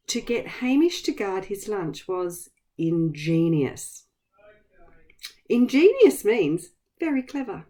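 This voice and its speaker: A woman teaching a vocabulary lesson to young children, speaking slowly and clearly in an encouraging way. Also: mid-range voice, dark tone.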